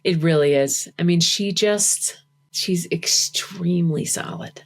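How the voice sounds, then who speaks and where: A woman's voice: fairly low pitch, slow pace. Chatty woman with lots of "like" fillers. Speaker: podcast guest. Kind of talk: casual conversation.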